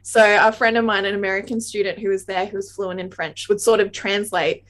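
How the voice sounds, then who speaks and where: A woman's voice: medium pitch, little pitch movement, fairly quick, a bit bright. An Australian woman in her thirties, a saxophonist guest chatting in an interview, talking in tumbling bursts and laughing often. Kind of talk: casual interview chat.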